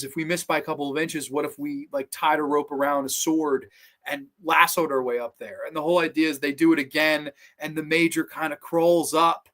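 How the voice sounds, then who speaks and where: A young man hosting a podcast, enthusiastically retelling and reviewing a classic episode in casual, animated commentary. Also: fairly high pitch. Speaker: podcast host.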